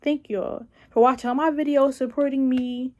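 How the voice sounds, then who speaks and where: A young adult vlogger tells her viewers a casual storytime, her voice sitting high. She speaks at a moderate pace in an animated, profane way, acting out the people in her story.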